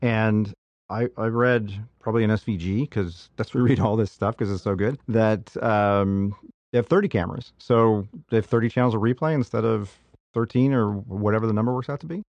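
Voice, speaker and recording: A man's voice: lowish voice, a little fast, darkish tone, dry recording, muffled recording. A man co-hosting a casual talk show, probing and pushing back with questions. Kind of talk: casual debate.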